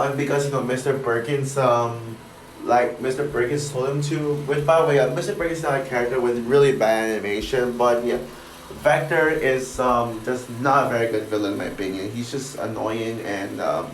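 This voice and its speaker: A man giving a casual spoken movie review, rambling, with many fillers and stutters. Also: mid-range voice. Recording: echoey room with faint noise.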